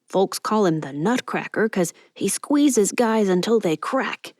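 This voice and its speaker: A woman's voice: medium pitch, animated, a little slow, darkish tone, dry recording, studio quality, natural voice. A woman voicing a chatty young male elevator attendant in an audiobook, folksy and gossipy.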